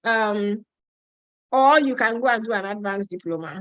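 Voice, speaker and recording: A woman's voice: mid-range voice, lively intonation, moderate pace, no room sound, dull audio. A woman with a Nigerian accent hosting a casual live stream, reading out viewer questions and answering them frankly, with some teasing.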